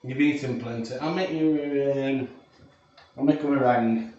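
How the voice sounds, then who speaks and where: Chatting casually with viewers while cooking live, this man speaks at a normal speed in a mellow, mid-range voice. He rambles, jokes, and repeats himself, and the dull audio comes from an echoey room with faint noise and a mic set far away.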